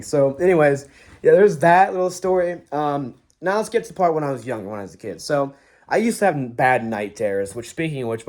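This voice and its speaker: A young man telling a ghost story in a casual, profane, rambling way, often acting out what people said. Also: medium pitch.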